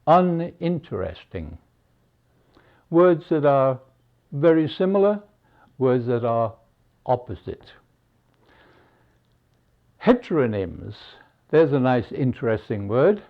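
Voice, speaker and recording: A man teaching English spelling at a very slow, measured pace, with a lot of rise and fall in his voice. He leaves a gap after each example word. The recording sounds dull and lo-fi. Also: mid-range voice, sing-song. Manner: slow, deliberate, pausing between words.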